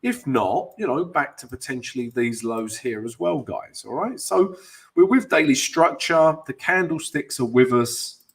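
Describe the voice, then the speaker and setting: A man's voice: mid-range voice, animated, measured pace. A man with a cold hosting a live trading stream, chatty and upbeat, greeting viewers by name and adding self-mocking asides while walking through charts at his desk mic. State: has a cold. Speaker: forex trading host. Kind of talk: livestream trading talk and chart walkthrough.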